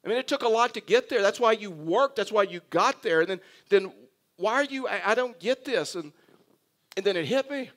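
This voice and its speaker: Man, pastor, higher-pitched voice, sermon, humorous storytelling, animated. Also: brisk. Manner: conversational storytelling, wry humor; animated, voices imagined dialogue with Jonah.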